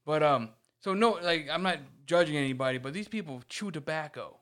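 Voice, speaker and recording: Guy ranting about his girlfriend's family, kinda high smooth voice, lots of cussing. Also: fairly quick, few pauses. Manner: animated storytelling, swears often, acts out quotes. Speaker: podcast co-host. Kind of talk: casual chat.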